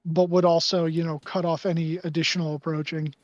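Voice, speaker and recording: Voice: medium pitch, level tone, fairly quick, dry recording, dull audio. A player in a tabletop game over an online call, talking hesitantly as they work through their choices. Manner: hesitant, many fillers and restarts.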